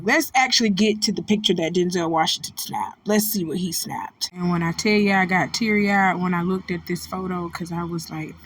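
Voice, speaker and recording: A woman hosting a casual celebrity gossip commentary, animated and preachy, calling her listeners baby. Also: lowish voice. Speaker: host.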